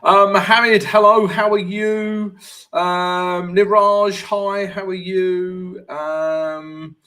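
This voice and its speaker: Here the forex trading coach speaks in a high, pushed, bright voice with fairly even intonation, extremely slowly. Chatting casually on a live stream, he greets people cheerfully, reads their comments out, and answers while walking through charts.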